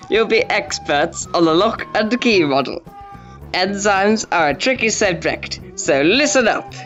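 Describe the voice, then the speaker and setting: A man voicing a gruff, rude male teacher who lectures curtly and hurls insults. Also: a bit bright, heavily acted. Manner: deep, curt, insulting, lecturing. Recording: dull lo-fi audio with faint music.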